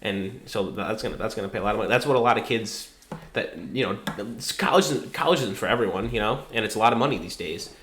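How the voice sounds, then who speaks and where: Here the young podcast co-host speaks quickly in a lowish, slightly bright voice over faint background noise and roomy echo. He's still telling rambling stories, cursing freely and laughing as he talks.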